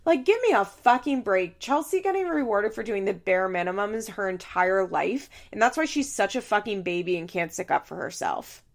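A woman's voice: mid-range voice, very animated, normal speed, creaky, hardly any pauses. A young woman giving heated, exasperated casual commentary, full of "like" fillers and swearing. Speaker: reality TV commentator.

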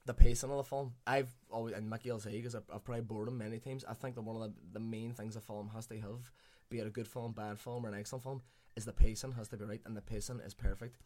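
A man's voice: lowish voice, flat delivery, quick pace, hardly any pauses, warm tone. A man chatting casually on a podcast, enthusiastic and swearing now and then. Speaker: podcast co-host reviewing films. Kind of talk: casual chat.

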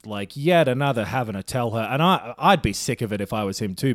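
A man's voice: medium pitch, lively intonation, brisk, no echo, studio quality. A man in casual podcast chat, recapping a TV episode in a laid-back, swearing way with fillers. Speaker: podcast co-host.

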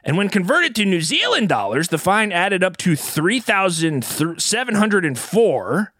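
A high-voiced man co-hosting a comedy podcast, reading silly news stories with mock-earnest anchor energy. His pitch swings widely and his tone is bright. The sound is dry and close to the mic. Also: sing-song, measured pace, no echo. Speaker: podcast co-host.

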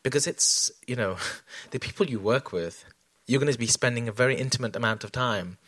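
A man talking about his creative process in a reflective, halting way. His voice sits at an everyday middle pitch. The sound is close and dry. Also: a bit bright, no room sound. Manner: reflective, many fillers and restarts. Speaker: choreographer guest. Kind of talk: onstage conversation.

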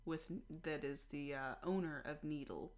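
A woman's voice: low voice, a little slow. A woman co-hosting a podcast in casual banter, playful and mock-dramatic, often laughing. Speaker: podcast co-host.

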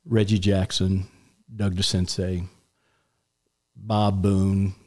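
A man in his sixties telling anecdotes as a guest on a radio talk show, relaxed and full of restarts. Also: sits low, drawn-out words. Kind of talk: storytelling in a radio interview.

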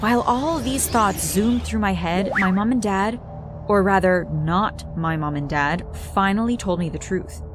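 A woman's voice: medium pitch, unhurried, over music. Woman narrating a dramatic story. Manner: expressive, dramatic delivery.

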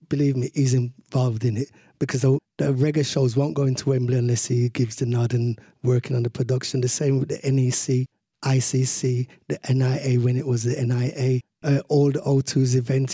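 Husky Brummie man, relaxed and rambling. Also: medium pitch, no room sound, studio quality. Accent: Birmingham English with Jamaican patois influence. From Birmingham, England. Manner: rambling, laughs often, tags with "you know". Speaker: sound system founder, interview guest. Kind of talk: relaxed conversational interview.

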